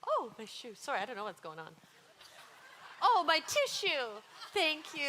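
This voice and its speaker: A woman with a bright, clear voice chimes in with light, laughing talk, slightly high. A faint noise sits under her voice. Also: very animated, quick pace. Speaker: speaker's wife, joining the talk. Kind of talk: casual talk.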